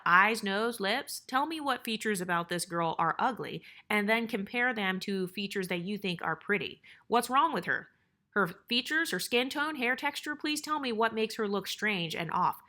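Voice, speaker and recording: A woman's voice: mid-range voice, bright, forceful tone. A woman hosting her channel, reading viewer comments aloud and answering them with emphatic, argumentative rhetorical questions. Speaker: channel host.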